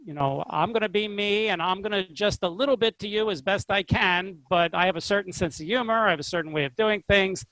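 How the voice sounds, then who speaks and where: An older man who loves to talk, expressive and never monotone. His voice sits high for a man. It comes across dry and close, with no room sound around it. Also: fast, few pauses, no room sound, rough recording. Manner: talkative and expressive, not monotone. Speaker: chess instructor, interview guest. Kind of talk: casual interview chat.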